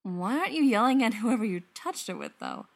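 A woman's voice: a little high, wildly swooping pitch, brisk, gravelly, exaggerated voice. A woman voicing a drowsy young father who talks in a yawning, mumbling way. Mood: sleepy. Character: sleepy young man, a tired new father.

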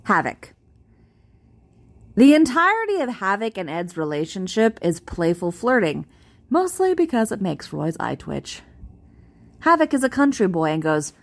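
A woman casually reading a fan-written post aloud, amused and expressive. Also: mid-range voice, normal speed. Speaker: reader.

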